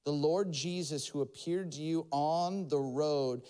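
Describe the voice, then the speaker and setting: A man preaching a sermon, telling a story with acted-out voices and rising to shouted peaks. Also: fairly high pitch, unhurried, clear, resonant tone. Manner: animated storyteller, acts out characters, builds to shouted climaxes. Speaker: pastor.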